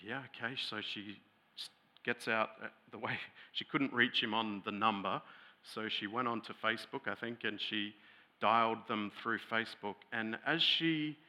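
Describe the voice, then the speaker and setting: Bright-voiced man preaching a sermon. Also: on the low side, moderate pace. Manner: storytelling, growing loud and heated when retelling an angry scene; conversational with many fillers and restarts. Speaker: pastor.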